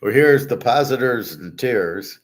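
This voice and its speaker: A man's voice: medium pitch, expressive, unhurried. A man hosting a casual commentary show, talking bluntly in a ranting way and swearing freely. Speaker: host.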